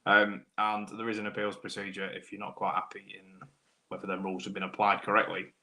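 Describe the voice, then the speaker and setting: Brief: British male host, bright lower voice, casual banter, slightly rough throat. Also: completely flat delivery, a little fast. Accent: British English. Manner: chatty, matey banter, greets viewers by name. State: throat trouble, clearing throat. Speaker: host of live Q&A stream. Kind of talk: casual live-stream chat reading comments.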